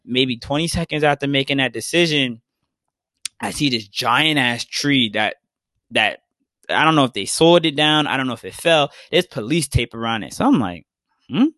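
A man's voice: medium pitch, expressive, moderate pace, bright, forceful tone, dry recording. A young man, telling a story in casual podcast chat. He swears a lot and acts out his own past remarks. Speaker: podcast co-host.

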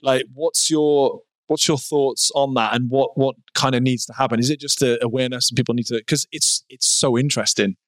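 A man's voice: medium pitch, fairly even intonation, brisk, few pauses, no echo. A man hosting a podcast, asking long rambling questions that he restarts as he goes. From Wales. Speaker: podcast host. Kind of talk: casual podcast chat.

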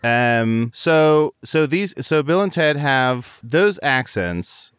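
A man's voice: medium pitch, lively intonation, a bit bright, clear, resonant tone, no room sound. A male podcast host with a mid-range voice teases his guests and laughs along easily. His sound is dry and close, with no room around it. He asks questions and tosses in jokes. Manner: teasing, apologetic, quick to laugh. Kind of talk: casual chat.

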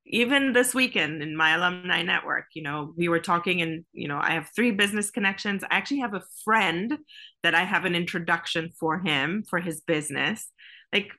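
A woman's voice: lowish voice, a little fast, pushed and bright. A woman being interviewed as a podcast guest, speaking earnestly in casual talk with lots of "you know.". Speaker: podcast guest, product executive.

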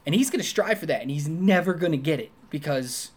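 Animated man reviewing a film casually. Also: a little fast, slightly rough. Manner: animated, acts out quoted lines in high voices. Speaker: podcast co-host. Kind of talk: casual movie review chat.

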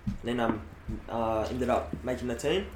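A man's voice: mid-range voice, normal speed, over a noisy crowd. A young man in his late teens with a New Zealand accent, chatting casually as a guest and telling stories with lots of filler words. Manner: laid-back, heavy filler words. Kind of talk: casual chat. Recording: echoey room with faint hiss.

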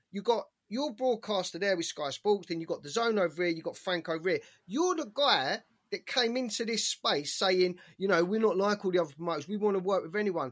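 A man's voice: high voice, a bit bright. Man ranting, swearing freely. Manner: heated ranting, heavy swearing. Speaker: podcast co-host. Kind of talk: casual sports chat.

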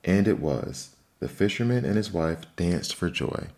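A man reading fairy tales aloud in steady, measured storybook narration. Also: sits low. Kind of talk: fairy tale read-aloud.

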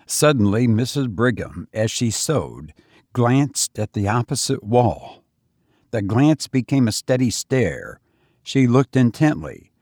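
Slow husky male storyteller. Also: medium pitch, darkish tone, no echo, studio quality. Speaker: narrator. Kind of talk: storybook narration.

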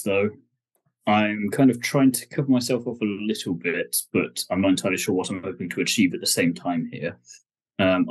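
A man's voice: low-pitched, slightly rough. A man co-hosting a casual motorsport podcast, joking and teasing in loose, rambling chat. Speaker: podcast co-host.

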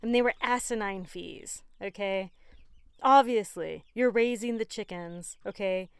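A woman's voice: mid-range voice, a little slow, vocal fry, smooth, no room sound. A woman hosting a podcast in a casual, rambling, chatty way, with frequent fillers and laughs. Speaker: podcast host. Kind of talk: casual chat.

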